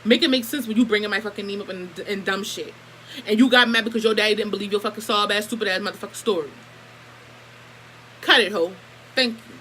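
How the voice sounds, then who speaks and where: A woman's voice: mid-range voice, fast, pauses often, a little hiss or hum, low-quality recording. A young woman telling a family story to her camera in a casual, profane and heated way. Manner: profane, animated, heated retelling. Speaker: vlogger.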